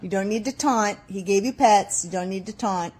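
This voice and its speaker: A woman's voice: medium pitch, moderate pace, a little mellow, husky. A woman talking to her pet birds at home, playfully scolding and teasing them. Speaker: pet owner.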